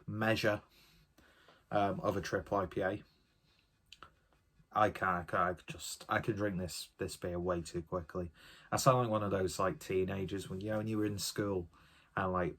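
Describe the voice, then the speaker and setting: A man giving a casual solo beer review, chatty and enthusiastic, often rambling off on tangents. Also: on the low side.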